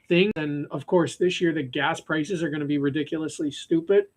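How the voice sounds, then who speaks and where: Tying flies on a live stream, this Canadian host talks casually at normal speed, his voice a little high and steady. His sentences wander, drop off, and start over, full of fillers.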